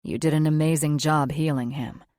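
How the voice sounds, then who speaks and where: Woman playing a protective demon lover, gruff and low, quietly reassuring. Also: steady tone, moderate pace, no echo, studio quality, lightly acted. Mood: soothing. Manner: low, soothing, terse. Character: brooding male demon wolf mate, protective.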